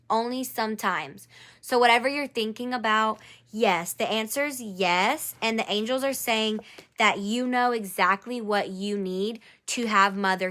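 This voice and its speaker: During a live-streamed angel card reading, a woman with a medium-pitched, fairly bright voice speaks directly to a single viewer by name. She encourages her and repeats her phrases.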